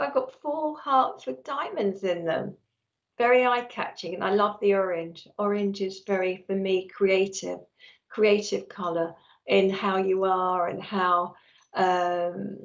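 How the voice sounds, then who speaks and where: Chatty woman with a gravelly edge. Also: medium pitch, lo-fi sound. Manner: talks nonstop, effusive and chatty. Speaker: psychic medium. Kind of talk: live-streamed psychic reading.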